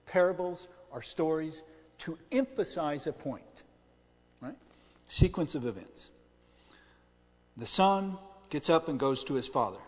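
A man's voice: a little high, expressive, a little slow, pauses often, big-room sound. A middle-aged male pastor preaching a conversational sermon, often asking the congregation questions.

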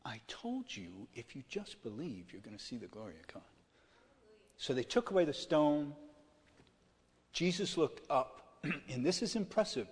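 A man preaches at a mid pitch, speaking to his congregation as if chatting and pausing to ask whether they are following along. His voice rings out with a long reverb, as in a large church hall. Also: sing-song, husky. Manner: checks in with listeners, plain-spoken retelling. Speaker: pastor. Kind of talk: conversational sermon.

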